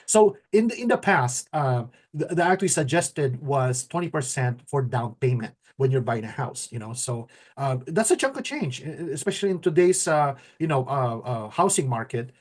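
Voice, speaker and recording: An excited middle-aged man who stumbles over his words, repeating and restarting as he talks. His voice sits at a middle pitch, and he speaks in a casual, conversational way as a co-host. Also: moderate pace. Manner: excited, stammering with many restarts.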